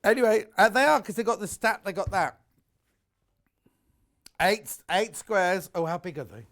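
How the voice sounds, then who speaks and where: His voice is high and a bit bright, moving at a moderate pace. This middle-aged Brit presents fabric bundles live for a shopping channel, chatting rambly and tossing in jokes. The warm studio has its shutter doors open.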